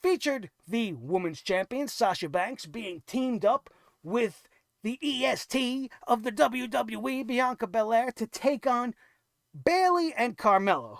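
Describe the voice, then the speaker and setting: Show host, ranting review; gravelly, dry-sounding read, sarcastic and profane with shouted outbursts. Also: mid-range voice, dry recording.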